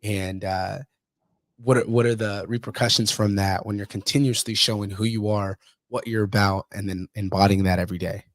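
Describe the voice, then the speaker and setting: A podcast host chats casually, telling stories full of swearing and laughter. His voice is on the low side, fairly even in intonation and moderate in pace, with clean studio sound and no room tone.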